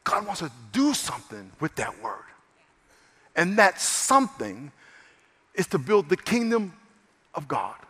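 A male pastor preaching a sermon, emphatic and repetitive, swinging between loud stress and hushed passages. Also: high-pitched, wildly swooping pitch, measured pace, pauses often, slightly rough, long reverb tail. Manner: repeats phrases for stress.

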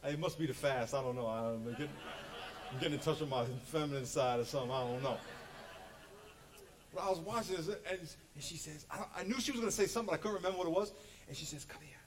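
A man preaching a sermon as pastor, animated and joking, acting out quotes. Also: on the high side, fast talker, a little hiss or hum, rough recording.

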